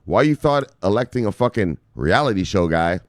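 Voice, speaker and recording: A man's voice: lowish voice, lively intonation, moderate pace, no echo. A man hosting crypto news, ranting with casual profanity and lots of fillers. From United States.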